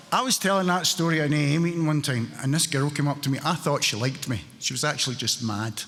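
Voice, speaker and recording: A man's voice: a little high, a bit bright. A man in his sixties with a Glaswegian Scottish accent, sharing his story at a recovery meeting with wry, joking humor. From Scotland. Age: 60s. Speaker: AA meeting speaker. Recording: reverberant hall.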